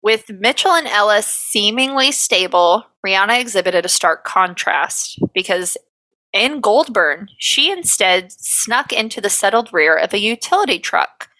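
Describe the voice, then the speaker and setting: A woman's voice: medium pitch, lively intonation, a little slow, pushed and bright, no echo. A young adult woman co-hosting a podcast, reading case notes aloud with fillers and little laughs. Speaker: podcast co-host.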